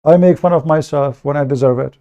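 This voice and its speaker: A man's voice: on the high side, a little fast, mellow, highs cut off. A man from the Middle East with an Arabic accent, hosting a casual livestream monologue in a blunt, joking, self-mocking way and often repeating words. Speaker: online debate show host.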